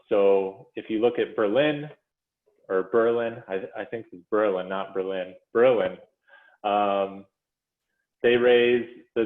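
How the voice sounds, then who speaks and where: A man presenting figures to a commission in a measured, explanatory way, with frequent fillers and self-corrections, speaking over a video call. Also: fairly low pitch. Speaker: presenter to a school funding commission. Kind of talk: policy presentation walking through slides. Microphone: video call audio. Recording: phone-like echoey video call audio.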